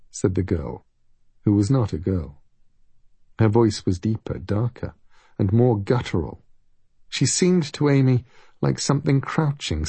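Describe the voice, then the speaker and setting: A man narrates an audiobook in a steady, measured read. His voice is mellow and somewhat husky, recorded dry and close with no room sound. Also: medium pitch, no echo.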